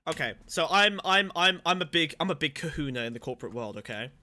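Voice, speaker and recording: A man's voice: on the high side, animated, fast talker, sharp tone. A man co-hosting a podcast, telling a story in rambling, profane casual chat and laughing often. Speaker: podcast co-host.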